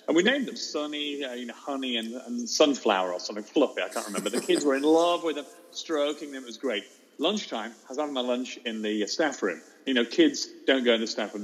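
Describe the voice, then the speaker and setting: Fast-talking storytelling man. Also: medium pitch, poor audio. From England. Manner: fast, lively, acts out children's voices. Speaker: teacher telling a classroom story. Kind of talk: animated storytelling.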